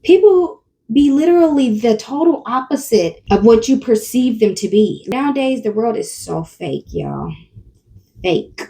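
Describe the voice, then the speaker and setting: A woman hosts reaction commentary, scolding the people in the clip with blunt remarks. Her voice is high and mellow, and it swings widely in pitch. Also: lively intonation, measured pace, vocal fry. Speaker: commentary channel host.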